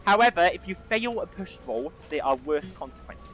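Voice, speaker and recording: Male game master for a tabletop horror session, rambling and halting, high animated voice. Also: soft background music. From outside America. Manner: rambling, many ums and restarts.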